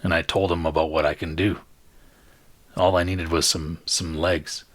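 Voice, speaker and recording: A man's voice: sits low, flat delivery, normal speed, no echo. A man voicing a cocky, menacing adult man in a tabletop game, boasting and threatening over a meal. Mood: smug.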